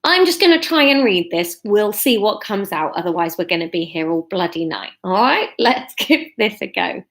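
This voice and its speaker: A woman in her thirties live-streaming a reading of her own novel from her living room, self-mocking and quick to laugh at herself. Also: mid-range voice, expressive, a bit bright.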